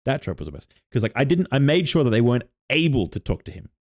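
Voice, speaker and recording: A man's voice: medium pitch, sing-song, quick pace, no echo, studio quality. A man co-hosting a podcast, recounting his tabletop campaign in rambling casual chat full of fillers and restarts. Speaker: podcast co-host and game master.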